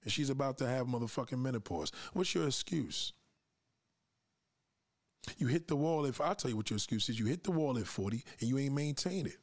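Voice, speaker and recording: A man's voice: mid-range voice, lively intonation, fairly quick. A man hosting a live podcast, lecturing his listeners in a confrontational, profane rant and daring them to push back. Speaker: podcast host.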